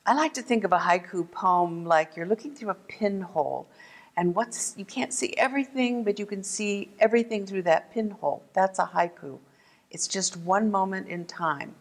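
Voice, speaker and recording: A woman teaching a lesson for children, gentle and clear, slowing down to sound out words. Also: mid-range voice, long reverb tail. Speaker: museum art educator. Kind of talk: instructional video lesson for kids.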